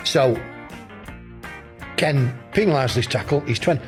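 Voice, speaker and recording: A man's voice: mid-range voice, normal speed, pauses often, faint music behind. A man, a former referee, telling a sweary story and acting out both sides with chuckles. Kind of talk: anecdote telling on a podcast.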